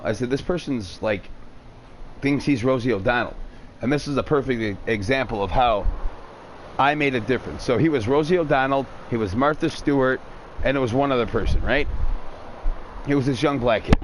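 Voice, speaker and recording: A man's voice: medium pitch, normal speed, slight background noise. A young man casually telling a long personal story, rambling, swearing a lot. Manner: profane, rambling, animated retelling.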